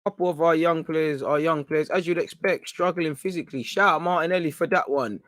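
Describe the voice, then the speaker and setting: Young man hosting a fan watchalong, bright tense voice, urgent match reactions, dry close sound. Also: on the high side, brisk, no room sound. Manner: excitable, urgent, coaching the players. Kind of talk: live match reaction commentary.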